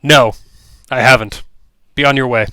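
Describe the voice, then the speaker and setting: A man's voice: mid-range voice, fairly even intonation, moderate pace, bright, forceful tone, clear, resonant tone, no echo, close to an everyday voice. A man voicing a stern, tightly controlled middle-aged nobleman father who speaks curtly. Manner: curt and commanding.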